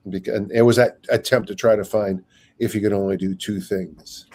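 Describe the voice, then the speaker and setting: A man's voice: lowish voice, fairly even intonation, fairly quick, warm tone. An older man, a strength coach, rambling through stories and acting out little quotes in casual podcast talk. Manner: rambling storyteller, acts out quotes.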